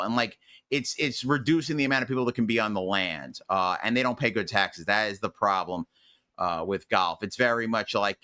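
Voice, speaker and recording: A man's voice: lowish voice, pushed and bright. A man hosting a history podcast, rambling and opinionated, with many fillers and restarts. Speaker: podcast host. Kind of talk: casual history podcast chat.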